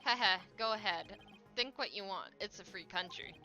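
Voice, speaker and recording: A woman's voice: mid-range voice, moderate pace, bright, forceful tone, faint music behind. A woman voicing a smug male TV producer who taunts and gloats in slangy speech while reading game dialogue. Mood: taunting.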